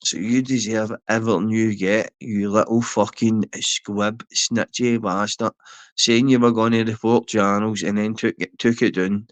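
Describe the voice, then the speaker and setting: A man's voice: on the low side, steady tone, measured pace. A man with a Scottish accent ranting on a livestream, swearing, throwing insults and talking to viewers by name. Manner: foul-mouthed, insulting; rambling, talks to chat by name. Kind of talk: livestream rant.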